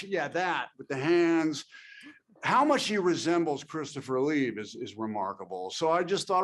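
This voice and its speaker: A middle-aged man in an interview, speaking reflectively and haltingly, with restarts and slow emphasis. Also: a little high, animated. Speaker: actor being interviewed. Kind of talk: casual interview.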